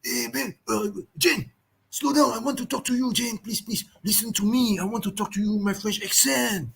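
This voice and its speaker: A man's voice: sits high, moderate pace, gravelly, a bit bright, husky, pitched above the performer's own voice, exaggerated voice. A man voicing a male team captain who gives urgent field orders and pleads with repeated words. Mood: pleading.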